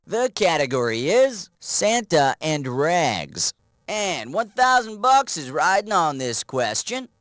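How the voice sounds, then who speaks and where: An actor playing a wisecracking, energetic quiz game show host. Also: male voice, fairly high pitch, slow. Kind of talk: scripted game show hosting. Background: game music.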